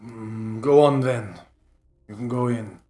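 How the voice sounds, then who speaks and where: A man's voice: mid-range voice, steady tone, takes it slowly, mellow, natural voice. A man playing a suspicious male town gate guard who questions travellers bluntly, in a tabletop game.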